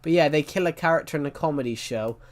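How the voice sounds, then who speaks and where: A man's voice: on the high side, fast talker. Rambling man chatting on a game stream. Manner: rambling storyteller, frequent self-corrections. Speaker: livestreamer. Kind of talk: casual chat while streaming a game.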